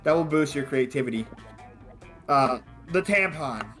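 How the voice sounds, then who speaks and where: A man's voice: medium pitch, lively intonation, unhurried, a bit bright, soft background music. A man playing a video game with friends, reading the on-screen text aloud in a casual way with joking asides and mild swearing. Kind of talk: casual playthrough chat.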